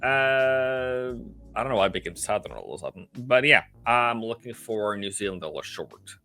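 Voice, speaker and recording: A man's voice: on the low side, very animated, fast, bright, forceful tone, faint music behind. A man, a guest analyst, talking casually about currency trades with frequent hesitations. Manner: hesitant, lots of fillers. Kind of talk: casual market discussion.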